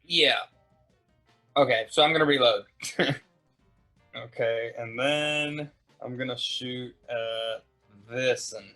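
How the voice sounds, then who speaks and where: A man's voice: medium pitch, fairly even intonation, takes it slowly, pauses often, bright, forceful tone, soft background music. A man playing a tabletop game, giving short upbeat remarks as he declares his actions. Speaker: player. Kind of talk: casual tabletop play.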